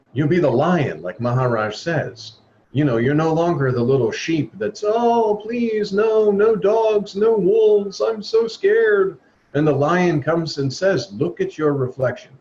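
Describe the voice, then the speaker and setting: Leading a spiritual talk over a video call, a man with a mid-range, darkish voice speaks earnestly and exhorts his listeners, acting out quoted voices. The audio is dull, lo-fi video call sound with faint noise.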